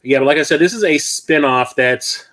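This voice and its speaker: A man's voice: on the high side, normal speed, fairly bright tone. A man hosting a casual live stream from his apartment, out of breath and rambling with frequent self-corrections. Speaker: host. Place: home apartment.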